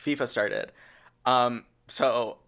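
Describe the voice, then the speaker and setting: A man's voice: medium pitch, slow, creaky, fairly bright tone. Rambling young man co-hosting a podcast. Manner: chatty, rambling with many ums. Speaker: podcast co-host. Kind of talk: casual chat. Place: podcast studio.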